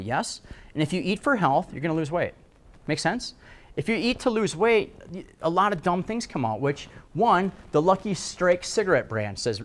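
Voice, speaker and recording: A middle-aged man giving a casual, animated health talk to a live audience, often asking them to agree. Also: a little high, a little fast. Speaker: health speaker.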